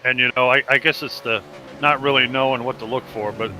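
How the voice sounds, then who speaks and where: A man's voice: mid-range voice, fairly even intonation, brisk, sharp tone. Rambling self-deprecating male co-commentator. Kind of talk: sim racing commentary.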